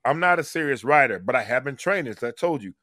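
A man giving a casual radio interview as a guest, earnest and heartfelt, his voice dropping softer on serious points. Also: medium pitch, expressive, quick pace, no echo, clean studio sound. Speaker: guest, former player.

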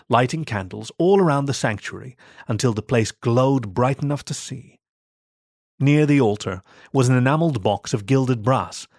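A man narrating a first-person story for a podcast in a measured, expressive storytelling voice. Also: mid-range voice, no room sound, studio quality.

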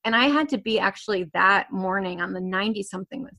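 A woman's voice: mid-range voice, fast, pushed and bright. A woman guest telling a personal story in conversation, rambling with many fillers and restarts and nervous laughs. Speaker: interview guest.

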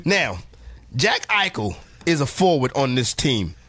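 A man's voice: medium pitch, sing-song, measured pace, bright, forceful tone, dry recording. A man hosting a radio show, chatting casually and joking as he stumbles through a list of names. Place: radio studio.

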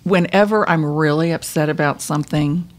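A woman's voice: low voice, moderate pace. A woman hosting a casual talk show who eagerly nudges her guest on and shares her own stories. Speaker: host. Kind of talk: casual chat.

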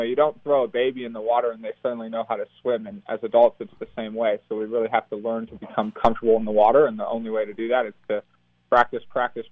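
A man's voice: medium pitch, dry recording. An upbeat young man from the United States, a professional triathlete, answers interview questions over the phone. His voice comes through thin and tinny, as if over a phone line, and it sounds dry, with no room around it. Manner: upbeat, laughs easily.

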